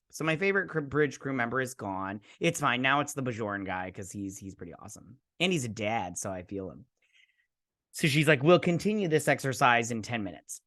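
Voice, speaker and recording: Here the host of a TV review channel, a man whose medium-pitched voice has a bit of brightness, loosely recaps an episode. His delivery is casual and meandering, full of fillers and side comments.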